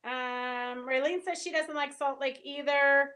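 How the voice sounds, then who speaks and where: A middle-aged woman chats casually on a live stream, answering viewer comments and telling stories packed with fillers. Her voice is high-pitched and sharp, with a steady tone and an unhurried pace.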